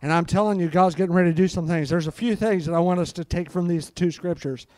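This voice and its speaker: A man's voice: sits high, fast talker, a little mellow, dry recording. Fervent preacher man, dry close sound. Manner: fervent, peppered with hallelujahs. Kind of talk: live sermon.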